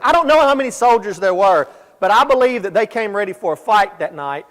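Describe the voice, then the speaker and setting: A man preaching a sermon in a church, telling stories with animated emphasis and sudden quiet asides. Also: high-pitched, brisk. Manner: animated storyteller, swinging between loud emphasis and quiet asides. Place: church sanctuary. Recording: echoey church hall.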